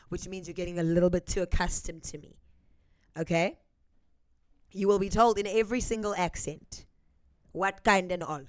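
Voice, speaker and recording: A woman's voice: medium pitch, normal speed, long pauses, no room sound. A South African woman with a South African accent, talking to the camera with emphatic, repeated checks of "okay?". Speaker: YouTube commentator. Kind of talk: direct-to-camera commentary.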